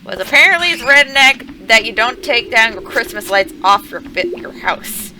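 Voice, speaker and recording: Over a farming game's background music, a woman streams from home, rambling through stories, swearing freely, and laughing often. Her voice is fairly high and expressive at a moderate pace. The background is noisy.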